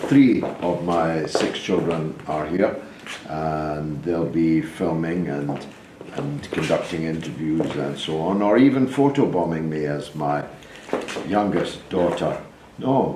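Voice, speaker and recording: A Scottish man in his sixties from Dundee, with a very deep voice, speaks slowly at his own roadshow. His talk to a packed theatre audience is plain-spoken with wry asides, recorded in an echoey theatre with background noise.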